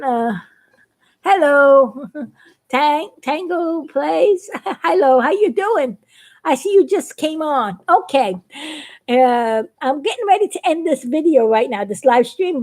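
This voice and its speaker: A woman's voice: high voice, a little mellow. A woman hosting a casual live stream about her cartoons, rambling and giggling often. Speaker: livestream host and cartoon animator.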